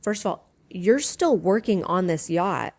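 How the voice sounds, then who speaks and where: A woman's voice: lowish voice, expressive, unhurried, darkish tone. A woman, a former yacht stewardess now captain, casually telling a story to camera, chatty and laughing often.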